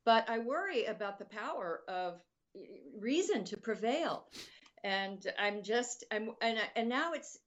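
A woman's voice: fairly high pitch, expressive, unhurried, a bit bright, muffled recording. Earnest woman talk-show guest. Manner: earnest, stops and restarts often, with a wry laugh. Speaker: interview guest.

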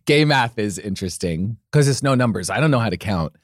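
A man's voice: lowish voice, lively intonation, fairly quick, no room sound, clean studio sound. A man co-hosting a podcast in casual chat, playful and campy, often breaking into laughter. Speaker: podcast co-host.

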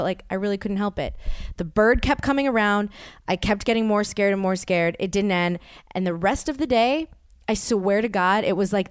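A woman's voice: mid-range voice, clear, resonant tone, no room sound, studio quality. An American woman in her thirties, a podcast host telling a story in a rambling, casual way, full of "like" and stammered restarts. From United States. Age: 30s.

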